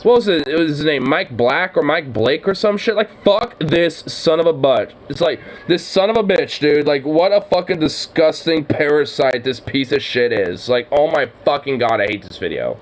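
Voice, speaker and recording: A man with a somewhat high voice rants in exasperation while reacting to a video. His talk is casual and full of swearing. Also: lively intonation, moderate pace, few pauses, poor audio. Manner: exasperated, ranting, swears a lot. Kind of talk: casual profane reaction commentary.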